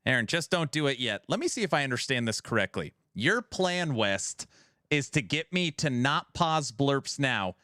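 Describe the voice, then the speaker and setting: A man's voice: mid-range voice, sharp tone, no room sound, clean studio sound. A man streaming from home, bantering with his chat and reading out community questions in a casual, sometimes raised voice. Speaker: streamer hosting a gaming podcast. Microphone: headset mic.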